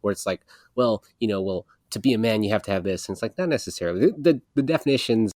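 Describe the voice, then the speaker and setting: A man's voice: fairly low pitch, lively intonation, fast talker, darkish tone, dry recording, studio quality. A man hosting a casual podcast interview, talking frankly and laughing often. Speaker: podcast host.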